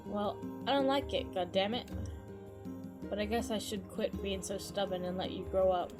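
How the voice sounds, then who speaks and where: A woman voicing a frail, stubborn old grandmother who scolds gruffly, over clear background music. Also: medium pitch, normal speed, close to an everyday voice. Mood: grumbling.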